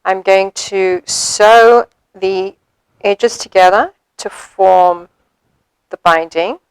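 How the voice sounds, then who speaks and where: A woman demonstrating sewing steps in a chatty way, thinking aloud as she works and filling pauses with ums. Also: medium pitch, steady tone, clear, resonant tone, no echo, poor audio. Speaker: sewing instructor.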